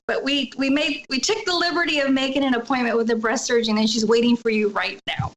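Bright-voiced woman telling her story. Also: on the high side, a little fast, few pauses, rough recording. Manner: candid, emotional retelling, acting out quoted speech. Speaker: guest sharing her story. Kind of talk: personal storytelling.

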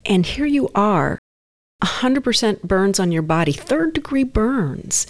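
A woman's voice: mid-range voice, very animated, a little slow. A woman interviewing a guest, asking direct questions and recapping his story.

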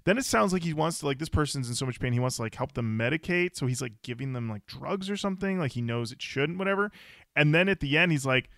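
Male podcast co-host, jokey and animated, acts out bits; gravelly edge, bright, close dry sound. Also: fairly high pitch, fast, no room sound. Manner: animated, jokey, acts out lyrics in quoted voices. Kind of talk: casual chat.

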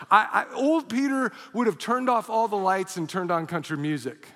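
A male pastor preaching a sermon as an animated storyteller who bursts into shouts. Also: very high voice, fairly quick, vocal fry, few pauses, long reverb tail. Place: church auditorium.

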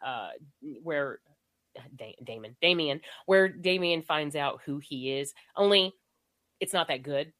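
Low-pitched and a bit bright, this co-host's voice is animated and unhurried as she chats on a casual movie podcast. She's recovering from illness, rambling along with many fillers and frequent laughter.

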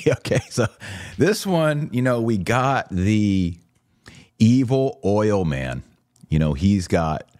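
A middle-aged man hosts a podcast, talking through images in a casual, wry way and slipping into little put-on voices for the people he describes. His voice sits very low, and the recording is dry and close with no room around it. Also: darkish tone, no echo. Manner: wry, sarcastic, acts out quoted figures. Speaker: podcast host.

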